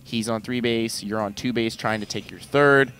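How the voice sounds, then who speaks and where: A man casting a video game match, breaking down strategy in an analytical, measured way. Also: medium pitch, steady tone, fairly bright tone, clean tone. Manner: analytical, measured, speaks in quick asides. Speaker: esports caster. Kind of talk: play-by-play game commentary.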